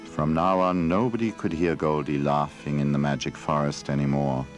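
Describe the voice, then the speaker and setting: Mournful old forest tree, soft and slow, very deep, as a male narrator puts it on. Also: fairly even intonation, faint music behind. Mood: sorrowful. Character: ancient forest tree, sorrowful and hushed.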